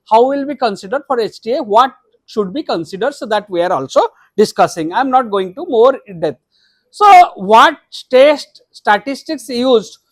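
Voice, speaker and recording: A man's voice: very high voice, no room sound. Indian man lecturing in clipped, dry tones. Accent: Indian English. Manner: switches between English and Hindi mid-sentence; halting, restarts words. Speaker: workshop lecturer. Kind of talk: academic lecture.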